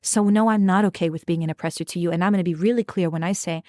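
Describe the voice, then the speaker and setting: A woman's voice: on the low side, quick pace, hardly any pauses, warm tone, no room sound, clean studio sound. A woman co-hosting a podcast, talking earnestly and emphatically, often turning to address her listeners directly. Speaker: podcast co-host. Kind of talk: reflective podcast talk.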